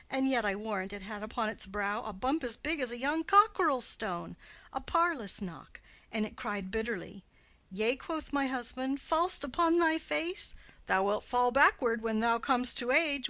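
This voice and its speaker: A woman reading the part of a garrulous, doting old nurse in an audiobook play, with her voice climbing high and loud as she rambles. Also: expressive, moderate pace, no room sound, rough recording. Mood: rambling.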